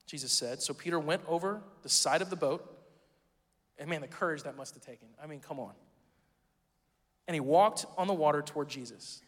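A man preaching a sermon in a church, joking and conversational, swinging between loud emphasis and hushed tones. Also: fairly high pitch, expressive, a little fast, long pauses, long reverb tail. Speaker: pastor. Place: church sanctuary.

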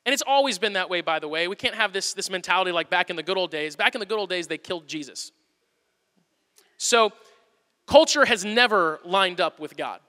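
A man preaching a sermon to his church, energetic and conversational, with self-deprecating humor. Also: sits high, fairly quick. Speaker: pastor. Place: church sanctuary. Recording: long hall reverb.

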